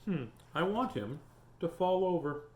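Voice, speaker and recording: A man's voice: high voice, expressive, unhurried, pitched above the performer's own voice. A man voicing an eager little boy. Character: little boy who likes scaring. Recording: roomy echo.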